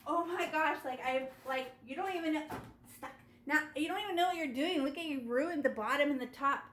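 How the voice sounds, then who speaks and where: A woman teaching children a step-by-step painting lesson over a video call, animated and coaxing. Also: high-pitched, a little fast, reverberant, a little hiss or hum. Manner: animated, gasping with delight, coaxing young kids. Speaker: art teacher.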